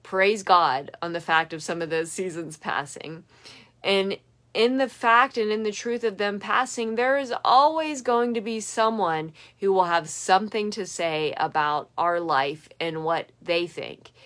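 A woman's voice: lowish voice, a bit bright. Earnest young woman giving a devotional. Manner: earnest, emphatic, speeds up and slows down. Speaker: devotional podcaster. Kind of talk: devotional reflection.

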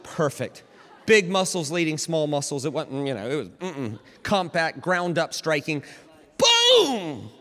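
High, lively male pastor, dramatic storytelling sermon, big hall reverb. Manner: animated, dramatic, builds to near shouts.

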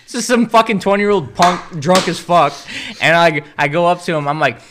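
A man's voice: high voice, moderate pace, noisy background. A young man co-hosting a podcast, telling a long, rambling party story full of swearing and laughing as he goes. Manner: rambling, profane, laughs through stories. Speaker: podcast co-host. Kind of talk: casual chat, storytelling.

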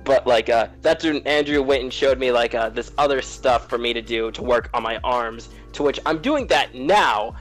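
A man's voice: medium pitch, normal speed, hardly any pauses, faint music behind. A young man co-hosting a casual podcast, rambling through a story with many fillers and self-mocking asides. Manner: rambling, heavy on "like" and "to which". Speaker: podcast co-host. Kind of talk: casual chat.

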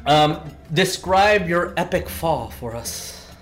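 A man running a tabletop game as game master, narrating in a halting way with many fillers and frequent laughs. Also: on the high side, lively intonation, a bit bright, soft background music.

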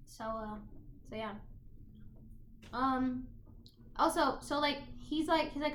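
A woman co-hosting a casual podcast, recapping a movie in a sweary, animated way while she plays a video game. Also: high voice, echoey room, slight background noise. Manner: sweary, animated retelling with quick asides. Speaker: podcast co-host.

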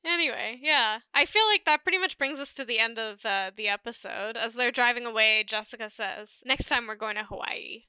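A woman's voice: on the high side, moderate pace, few pauses, bright, forceful tone, clean tone, dry recording. A woman co-hosting a podcast in casual chat, emphatic and prone to repeating her phrases. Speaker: podcast co-host.

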